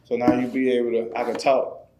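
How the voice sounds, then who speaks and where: A man's voice: mid-range voice, little pitch movement, brisk, background noise. Earnest man, echoey room. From Florida, USA. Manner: earnest, loose, repeats "you know what I mean". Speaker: podcast guest, fitness trainer. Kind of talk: casual conversation. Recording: roomy echo.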